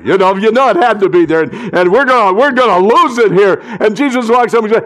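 A male pastor preaching a sermon, swinging from loud emphatic bursts down to hushed, near-whispered phrases. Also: sits high, lively intonation, brisk, few pauses.

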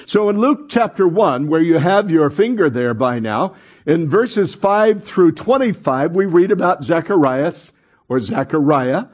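A man preaching a sermon as pastor, animated, calling on the congregation to respond and acting out voices in his stories. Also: sits high.

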